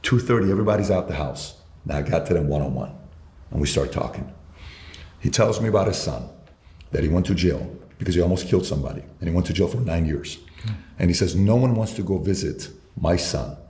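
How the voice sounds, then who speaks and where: Low-voiced man telling a sales story. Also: lively intonation, fast talker, warm tone, echoey room. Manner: emphatic storyteller, quotes himself in dialogue. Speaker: sales mentor guest. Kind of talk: storytelling in conversation.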